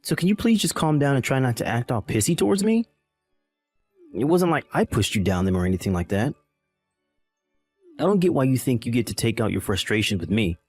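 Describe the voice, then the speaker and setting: A man's voice: medium pitch, darkish tone, breathy edge, no echo. A man playing a callous young husband in a dramatized text-message story, exasperated and blaming.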